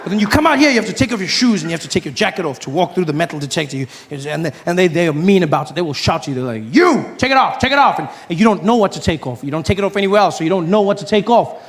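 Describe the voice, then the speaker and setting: A man performing a stand-up comedy routine, talking animatedly and acting out characters with big shouted voices. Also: sits high, lively intonation, very fast, hardly any pauses. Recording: live stage recording with crowd. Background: audience laughter.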